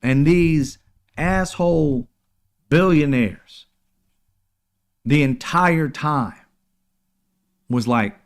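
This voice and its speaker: A man's voice: on the high side, drawn-out words, long pauses, clear, resonant tone. A man hosting a political commentary show, talking in a heated, sarcastic, preachy way and cursing freely.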